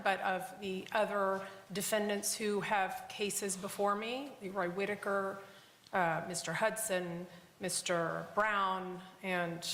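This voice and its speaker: Woman judge reading out a sentence, formal and measured, echoey courtroom with long reverb. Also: mid-range voice, fairly bright tone.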